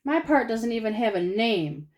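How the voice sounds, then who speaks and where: An eager, insistent little girl from a children's storybook, voiced by a woman reading aloud. She pushes her point with bright enthusiasm. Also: on the high side, very animated, moderate pace. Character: spirited little girl playing a cow.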